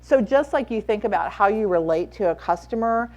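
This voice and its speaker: A woman on a conference panel gives sales advice in an emphatic, driving way. She repeats her main points and speeds up when she stresses them. Her pitch sits mid-range for a woman. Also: animated, a little fast, darkish tone, muffled recording. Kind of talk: advisory panel talk. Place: conference room.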